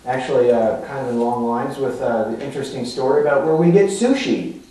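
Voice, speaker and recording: A man's voice: mid-range voice, fairly quick, mellow, a little hiss or hum. Man preaching in an echoey church. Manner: conversational teaching, with fillers and rhetorical asides. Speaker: pastor. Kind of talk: sermon. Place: church sanctuary. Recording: echoey hall from far off.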